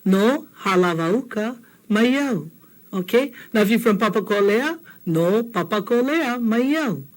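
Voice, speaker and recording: Woman, language teacher, chatty and joking, repeats phrases slowly, mid-pitched voice. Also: animated. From Hawaii. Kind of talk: casual recorded lesson.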